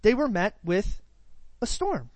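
A woman's voice: medium pitch, big pitch swings, takes it slowly, a little mellow, dry recording. A woman preaching, who retells a scripture passage and then teaches it in a conversational way, full of rhetorical questions and "right?" tags.

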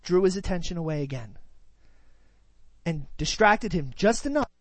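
Lively woman preaching a sermon. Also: fairly low pitch, moderate pace, no echo. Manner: lively, conversational, many rhetorical questions and "right?" tags. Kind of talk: sermon, retelling scripture.

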